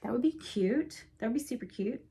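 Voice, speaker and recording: A woman with a slightly high voice talks casually to her viewers, cooing over little stitched motifs. She gushes in a chatty way and now and then drops to a soft hush. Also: lively intonation, brisk. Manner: gushing, chatty, with soft hushed asides. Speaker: cross-stitch vlogger. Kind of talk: casual show-and-tell chat.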